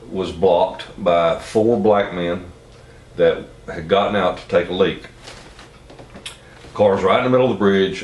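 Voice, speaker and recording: Low-voiced southern guy spinning a blunt rambling yarn, faint hum behind. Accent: Southern American. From Tennessee. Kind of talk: casual spoken anecdote. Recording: roomy, distant mic, faint ambience.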